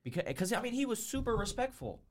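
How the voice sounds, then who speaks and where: A man's voice: very high-pitched, big pitch swings, quick pace, slight background noise. A young man co-hosting a casual podcast discussion, talking bluntly with frequent cursing and lots of "like" fillers. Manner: blunt and profane, filler-heavy, full of "like". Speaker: co-host.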